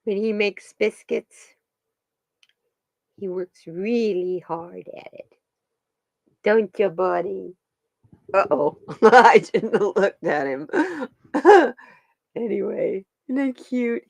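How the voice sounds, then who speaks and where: A woman's voice: medium pitch, slow, creaky, long pauses, dry recording. A woman hosting a live stream, chatting casually with viewers and her pets while she pulls stones and cards.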